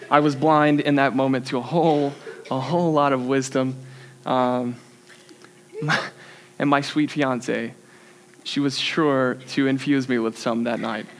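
A man's voice: medium pitch, expressive, slow pace, pauses often, slight background noise. A young man preaching a sermon, telling a story animatedly and laughing at himself. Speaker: youth pastor.

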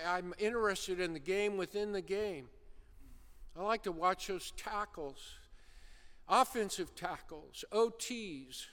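Preacher, male, high bright voice, unhurried animated storytelling, long reverb of a big hall. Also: clear, resonant tone. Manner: animated storytelling, acting out a shouting coach. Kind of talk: sermon.

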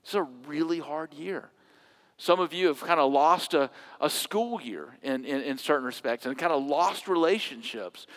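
Male pastor, sermon, high voice, loud emphatic bursts, hushed whispers, long reverb. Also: lively intonation, moderate pace.

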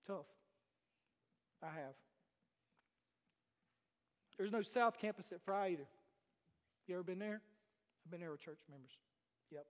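A man preaching a sermon as pastor. He swings between loud declarations and hushed asides and asks many rhetorical questions. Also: high-pitched, long reverb tail. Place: church sanctuary.

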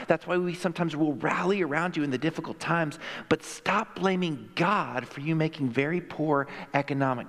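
A male pastor preaching a sermon in a conversational, emphatic way, acting out quotes in the stories he tells. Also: a little high. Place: church sanctuary. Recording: long hall reverb.

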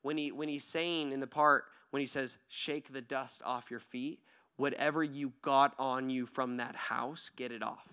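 A pastor in his thirties giving a sermon to his church, lively and joking at first, then soft and hushed as he leads a quiet prayer. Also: medium pitch, a little slow, clean tone. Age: 30s. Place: church hall.

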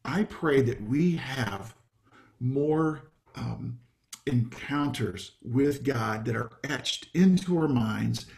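A man's voice: mid-range voice, vocal fry, a little mellow. A man, a pastor, preaching a conversational sermon over a video call, with frequent ums and light asides.

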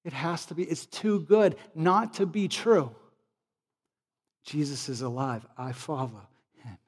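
A male pastor preaching a sermon and leading a prayer, moving from quiet pleading to loud, fervent appeals. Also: fairly high pitch, measured pace, slightly rough. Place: church sanctuary. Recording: long hall reverb.

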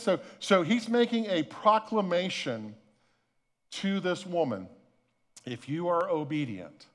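Male pastor, sermon delivery, a touch higher-pitched than most men, dramatic swings from soft to loud, repeats his words.

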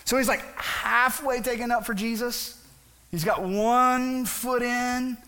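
A man's voice: extremely high pitch, steady tone, slow, sharp tone. A male pastor preaching a conversational sermon, briefly acting out the voices of the people in his story. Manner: conversational, acts out voices of the crowd.

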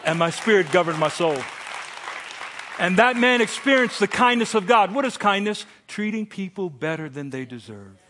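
Brief: middle-aged male pastor, high voice, animated sermon storyteller, drops to a hush then rises to a shout. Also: moderate pace, a faint crowd.

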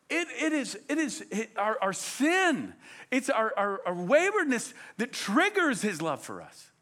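Lively, animated man preaching. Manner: animated, conversational preaching with dramatic pitch swings. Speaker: pastor. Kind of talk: sermon.

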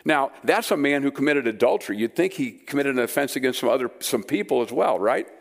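A man's voice: medium pitch, lively intonation, quick pace, vocal fry. A man preaching a sermon to a live audience in a room, conversational and emphatic. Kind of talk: sermon teaching.

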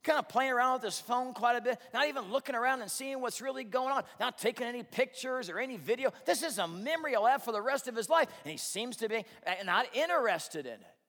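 A male pastor preaching a sermon, telling stories in an animated way and acting out both sides of the conversations. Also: very high voice, fast talker, few pauses. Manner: animated storytelling, acts out both sides of dialogues. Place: church sanctuary. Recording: long hall reverb.

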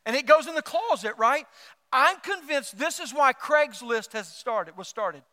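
A pastor preaching a sermon, lively and joking, acting out quoted voices. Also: male voice, extremely high pitch, unhurried, in a large hall. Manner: animated, acts out quoted voices and jokes.

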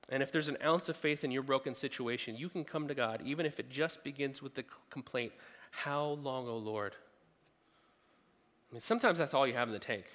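A man preaching with a bright, forceful voice, talking with his listeners and then climbing to loud, emphatic peaks. His voice rings in a large hall with a long reverb. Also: mid-range voice. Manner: conversational, rising to emphatic peaks. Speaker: pastor. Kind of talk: sermon.

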